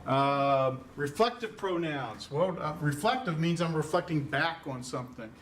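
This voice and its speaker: A man's voice: fairly high pitch, moderate pace, a bit bright. Man lecturing from across a classroom. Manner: informal, filler-heavy explaining with questions to students. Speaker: Greek instructor. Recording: distant mic, faint noise.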